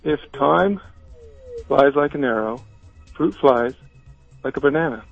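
A man calling a radio show to tell a short joke, speaking in a hesitant, halting way. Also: mid-range voice, lively intonation, gravelly, breathy edge. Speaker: caller. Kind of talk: telling a joke on a phone-in show. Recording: dull phone line with show music behind.

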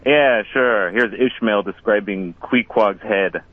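A man's voice: lowish voice, slow pace. A man calling in to a radio show, chatting in an easygoing, dry and brief way. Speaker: caller. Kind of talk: casual call-in chat. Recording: tinny phone line.

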